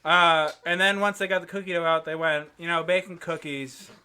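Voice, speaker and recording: Bright, high-voiced young man. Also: steady tone, normal speed, smooth. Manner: laughs often while telling stories. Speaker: podcast co-host. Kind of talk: casual storytelling chat.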